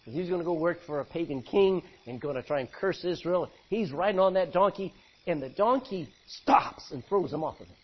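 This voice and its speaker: A man's voice: a little high, lively intonation, fairly quick, husky. A man preaching a sermon in a folksy, conversational way, with personal stories and asides. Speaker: pastor. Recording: dull lo-fi recording.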